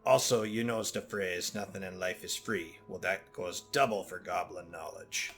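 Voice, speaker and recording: A man's voice: deep voice, normal speed, soft background music. A man voicing a greedy, scheming male goblin scout in a game, with a loose put-on Caribbean-ish lilt and slangy broken grammar. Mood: wheedling.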